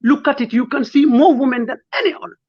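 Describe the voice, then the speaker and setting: A man's voice: very high voice, fast talker. A man, a lawyer speaking as an interview guest, emotional and pleading, firing off rhetorical questions. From Gambia. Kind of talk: impassioned interview talk. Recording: dull lo-fi sound.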